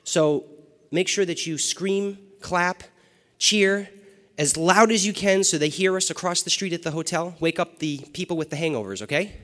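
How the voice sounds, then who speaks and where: A man with a bright, higher voice runs a fan panel with energy and jokes. His words ring out with long reverb through a big arena. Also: normal speed. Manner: energetic, joking, direct address. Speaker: panel moderator. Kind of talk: hyping up a convention crowd. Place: large half-full stadium.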